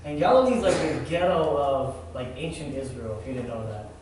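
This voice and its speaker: This casual sermon comes from a young man whose medium-pitched, slightly mellow voice runs a little fast. His speech is relaxed and full of "like" and "man," and he's recorded from a distance in an echoey hall with some faint noise.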